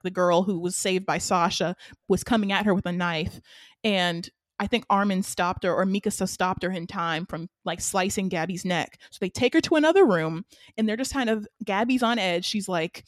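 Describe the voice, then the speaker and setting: A woman, co-hosting a casual anime recap chat and retelling scenes with excited, animated energy. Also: medium pitch, dry recording, studio quality. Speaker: podcast co-host.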